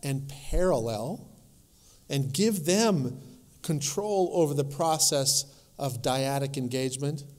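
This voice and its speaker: Lively male lecturer in a reverberant hall. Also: a little high. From North Dakota. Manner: lively storytelling, acting out quoted voices. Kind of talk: conference lecture with anecdotes.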